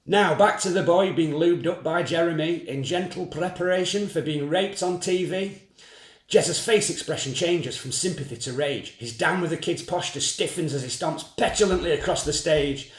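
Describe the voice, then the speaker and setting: A man performing dark comedic spoken word in scathing, sardonic rhyming verse. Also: fairly high pitch, normal speed, roomy sound.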